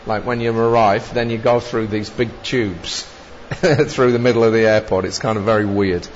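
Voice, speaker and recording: A man's voice: on the low side, fairly even intonation, moderate pace. Chuckling man telling old stories. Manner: chuckles often, rambling asides. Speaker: disciple recounting travels. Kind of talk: anecdotal storytelling. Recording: dull lo-fi recording with long reverb and faint noise.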